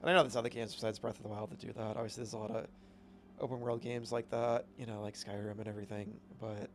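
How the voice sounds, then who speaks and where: A man's voice: on the low side, little pitch movement, fast, slight background noise. Rambling man streaming a game. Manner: rambling, self-correcting, upbeat. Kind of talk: casual gameplay commentary.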